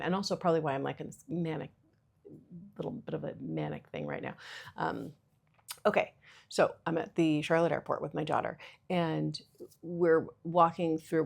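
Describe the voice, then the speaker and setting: A woman's voice: low-pitched, creaky. A woman in her thirties hosting a casual solo podcast, rambling and self-deprecating with lots of fillers. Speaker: podcast host.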